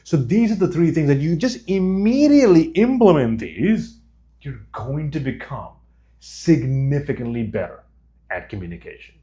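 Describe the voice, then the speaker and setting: A man teaching how to speak clearly, talking deliberately with small pauses between his phrases. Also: fairly high pitch, very animated, dark tone. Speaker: communication coach. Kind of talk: instructional monologue to camera.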